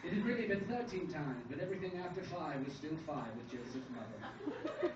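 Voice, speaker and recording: Deadpan young man reading in a café. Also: fairly high pitch, normal speed. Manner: deadpan, dryly absurd delivery. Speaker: student reader. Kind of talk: reading his own comic short story at an open mic. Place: coffee house. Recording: echoey room from far off, dull and noisy. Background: café room ambience.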